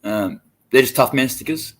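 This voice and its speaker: A man's voice: mid-range voice, moderate pace. A young Australian man livestreaming, talking to his chat in a profane, taunting and swaggering way. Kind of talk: live stream rant to chat.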